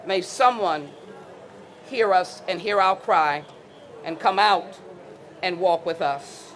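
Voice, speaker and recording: Man, lawmaker at a memorial, bright high voice, slow, measured and prayerful. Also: a little hiss or hum. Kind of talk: solemn speech with prayer.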